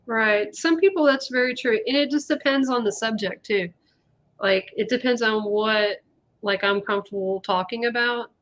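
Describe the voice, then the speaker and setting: A woman's voice: fairly high pitch, normal speed. Chatty ish lady hosting a live stream, rambly, lots of um and like. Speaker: host. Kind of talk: casual chat on a live stream.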